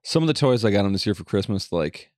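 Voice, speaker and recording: A man's voice: on the low side, animated, fast talker, dry recording, clean studio sound. A young man co-hosting a casual podcast, rambling with lots of swearing and filler words. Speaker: podcast co-host. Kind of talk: casual chat.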